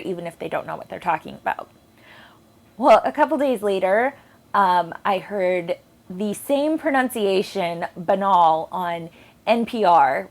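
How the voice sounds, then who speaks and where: A woman's voice: lowish voice, a little mellow. A young woman casually talking to camera in a vlog, chatty and self-deprecating, with plenty of ums. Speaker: book vlogger.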